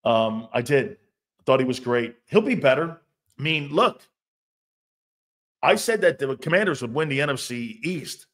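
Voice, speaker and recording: A man's voice: mid-range voice, moderate pace, long pauses. A man hosting a sports talk show, reacting to fan comments in a loose, profane way and laughing often. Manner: animated, laughing, profane, loud outbursts.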